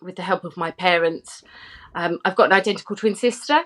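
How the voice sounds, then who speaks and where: A woman's voice: on the low side, brisk, fairly bright tone. A British woman chatting casually as a podcast guest, hesitant and self-deprecating, laughing often.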